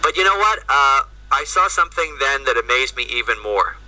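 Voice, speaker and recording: A man, a Jesuit priest, telling a lively, humorous story in a conversational way with frequent asides. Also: medium pitch, moderate pace. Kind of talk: anecdotal storytelling talk. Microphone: video call. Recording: distant, remote audio.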